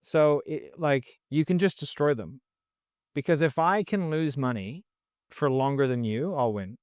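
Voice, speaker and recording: A man's voice: a little high, measured pace, a little mellow, dry recording, studio quality. A man as a podcast guest, talking in a rambling, blunt way full of swearing and filler words. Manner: rambling, blunt and profane, heavy use of "like". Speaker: sales trainer guest. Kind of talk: casual podcast conversation.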